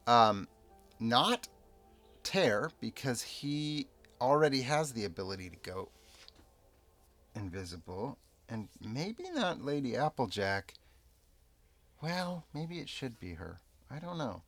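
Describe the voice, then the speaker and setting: A man narrating a solo tabletop game as game master, in a relaxed, rambling, self-amused way. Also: on the low side, unhurried, creaky, pauses often. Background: soft background music.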